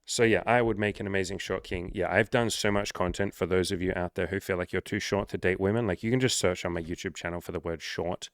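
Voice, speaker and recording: A man's voice: sits low, fairly even intonation, fast talker, few pauses, dry recording, clean studio sound. A man talking as a dating coach in casual, unscripted chat, blunt, swearing freely and poking fun at himself.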